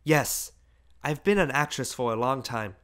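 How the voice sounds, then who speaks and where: A man reading aloud voices a shy, lonely older woman who speaks gently and softly. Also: mid-range voice, expressive, unhurried, clean tone. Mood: gentle. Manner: gentle, soft.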